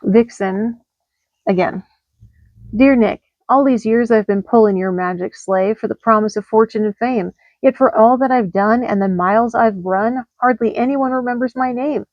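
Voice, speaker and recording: A woman reading rhyming holiday letters aloud in a lively sing-song delivery. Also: a little high, normal speed, no room sound, muffled recording. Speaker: storyteller.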